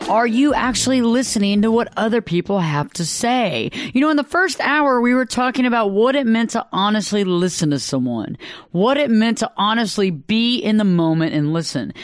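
This radio talk show host, alone on the mic, has a mid-range, expressive voice at normal speed. The studio recording has no echo as he earnestly tells stories and repeats phrases to drive points home.

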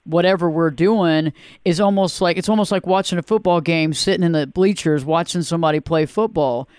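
A man's voice: fairly high pitch, a little fast, a little mellow, smooth, no room sound, studio quality. A man hosting a casual conversation, laughing easily and repeating words. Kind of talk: casual chat.

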